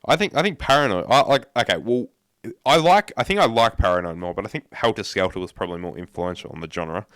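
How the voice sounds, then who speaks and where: Low-voiced, dry-sounding male podcast host. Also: lively intonation, fairly bright tone, dry recording. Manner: rambling, repeats words, quick opinions. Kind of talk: casual podcast chat.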